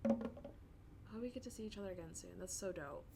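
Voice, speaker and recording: A woman's voice: mid-range voice, normal speed, very noisy. A woman with a Midwestern American accent tinged with Southern, chatting casually with viewers on a stream, rambling and laughing often. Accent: American Midwestern with some Southern.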